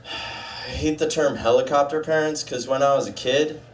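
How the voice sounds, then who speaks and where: A young man doing a deadpan stand-up set with dark jokes, putting on a gruff low voice for a doctor. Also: measured pace, recorded from a distance. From United States. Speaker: stand-up comedian. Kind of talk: stand-up set at open mic. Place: small bar stage.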